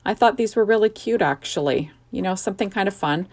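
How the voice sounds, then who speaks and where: A middle-aged woman chatting casually through a card-making tutorial in her home craft room, unhurried and full of fillers and restarts. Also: medium pitch, lively intonation, vocal fry.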